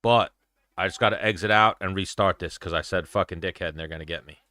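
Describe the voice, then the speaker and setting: Blunt, profane man with a deep voice. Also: fast talker, bright, forceful tone, no echo. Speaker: show host. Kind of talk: casual livestream chat.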